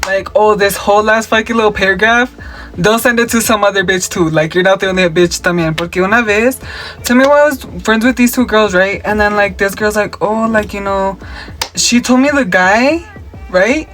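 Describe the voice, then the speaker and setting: A man's voice: high voice, normal speed, a bit bright, soft background music. A young man, chatting casually through a makeup tutorial and story time, sassy and profane, mixing Spanish slang into his English. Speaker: makeup vlogger. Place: at home.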